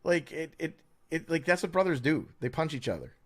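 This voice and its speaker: A man's voice: a little high, big pitch swings, fairly quick. A man co-hosting a podcast, in rambling, opinionated chat with many stammered restarts and a sarcastic edge. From United States. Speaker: podcast co-host.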